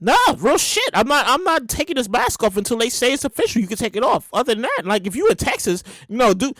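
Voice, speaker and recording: A woman hosting a podcast in a casual comedic monologue, animated and emphatic, full of slang and swearing. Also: a little high, fast, dry recording. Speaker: podcast host.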